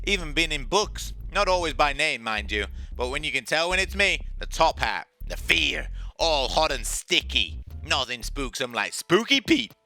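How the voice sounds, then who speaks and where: A man's voice: on the high side, bright, forceful tone, heavily acted, rough recording. A man voicing a boastful, centuries-old male ghost who brags about his hauntings in a folksy drawl. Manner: swaggering, folksy old-timer bragging. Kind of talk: reading game dialogue aloud.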